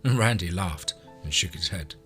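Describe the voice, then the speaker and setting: A deep male voice narrates a horror audio story, measured and steady. His tone is bright and forceful, and faint music runs underneath.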